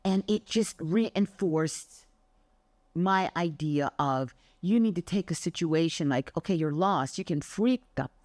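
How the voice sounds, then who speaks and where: Speaking a little slowly in a lowish voice, an older Pilates instructor tells stories to camera in a chatty, animated style with mild swearing. It's a casual motivational talk, recorded with no room sound.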